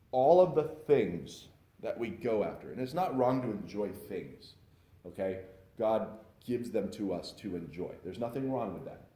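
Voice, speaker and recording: A man's voice: fairly low pitch, mellow, reverberant. A man teaching a casual Bible lesson, talking loosely with frequent restarts and asides.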